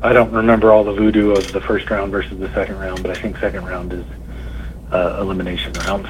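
A man's voice: low-pitched, little pitch movement, quick pace, slight background noise, poor audio. A man co-hosting a casual radio show from a studio, speaking in a laid-back, hesitant way. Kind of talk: casual on-air chat.

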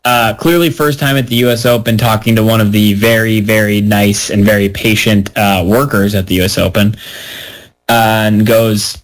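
A man's voice: fairly low pitch, normal speed, low-quality recording. A man chatting casually on a podcast, telling a story and acting out the voices of the people in it. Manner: animated storyteller, acts out quoted voices.

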